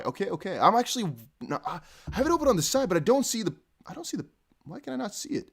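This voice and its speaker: A man's voice: high voice, sing-song, fast talker, vocal fry, breathy edge. A man with a light Dutch accent who hosts a crypto live stream. He chats casually, reads viewer comments aloud, and often trails off with "I don't know.". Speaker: crypto livestream host.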